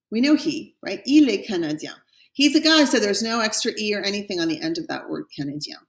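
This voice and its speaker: A woman French teacher giving a recorded class lesson, slowly modelling pronunciations for her students. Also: mid-range voice, far from the mic. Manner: slow, careful model pronunciations. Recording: echoey room, voice a bit off-mic.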